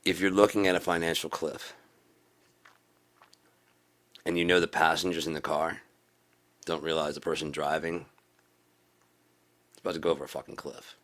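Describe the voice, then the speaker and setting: A man giving a profane political rant in a video blog, repeating himself and rising into preachy shouting. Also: extremely low pitch, flat delivery, fairly quick, long pauses. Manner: swearing, repetitive, builds to preachy shouting. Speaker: video blogger.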